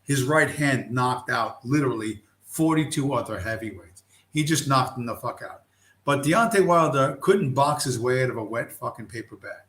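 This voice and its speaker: Man, middle-aged, livestream host, blunt, foul-mouthed, mid pitch, roomy echo. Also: lively intonation, moderate pace, a bit bright. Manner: blunt, heavily profane, heated. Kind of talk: profane casual rant.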